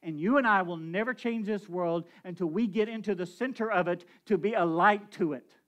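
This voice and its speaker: High-voiced pastor preaching a lively sermon. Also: male voice, moderate pace. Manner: animated, with rhetorical questions and chuckles.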